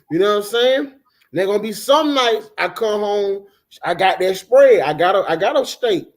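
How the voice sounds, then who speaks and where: Middle aged guy, high voice, swears a lot, does all the voices in his stories. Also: moderate pace, pauses often. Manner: animated storyteller, profane, acts out quotes. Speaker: co-host. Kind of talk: casual chat.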